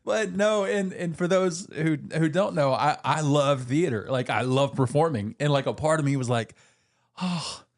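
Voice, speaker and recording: In casual podcast chat, a male co-host tells stories, acts out the voices he quotes, and laughs often. He speaks at normal speed with hardly any pauses, in a voice on the higher side.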